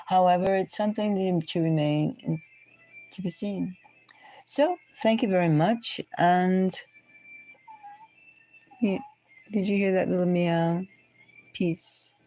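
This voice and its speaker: A tarot reader talks through a spread in a loose, casual way, stumbling and restarting words as thoughts form. The tone is wry and sardonic, and some remarks drop to a whisper. The pitch sits in a middling range. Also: mellow, rough recording. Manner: wry, drops into whispered asides; halting, restarts words often. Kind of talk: casual tarot reading commentary.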